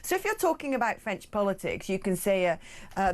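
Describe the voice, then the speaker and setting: A woman's voice: mid-range voice, big pitch swings, brisk. A female radio co-host in casual studio chat, chatty and jokey, slipping into mock voices.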